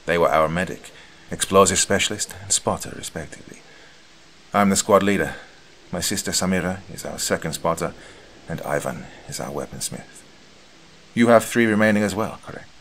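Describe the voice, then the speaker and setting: A man voicing a calm, confident squad leader who gives steady orders. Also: low voice, moderate pace, gravelly, slight background noise.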